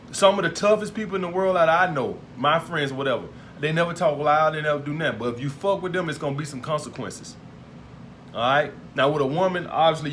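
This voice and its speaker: A man's voice: fairly high pitch, a bit bright, a little hiss or hum. A man, giving blunt dating advice in a profane monologue and repeating his points emphatically. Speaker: dating advice video host.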